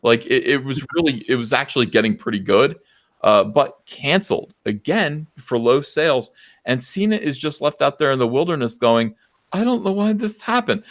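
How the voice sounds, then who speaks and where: A man hosting a live stream, ranting loudly and passionately and mocking others in put-on voices. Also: medium pitch, moderate pace. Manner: loud, impassioned, mocking impressions. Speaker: livestream host. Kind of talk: heated livestream rant.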